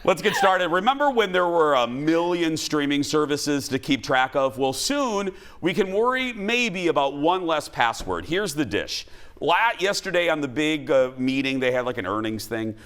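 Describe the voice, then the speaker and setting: A man hosting a talk show, chatting casually and telling stories with lots of animation, often switching to high voices for quoted lines. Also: very animated, normal speed, a bit bright. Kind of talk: casual studio chat.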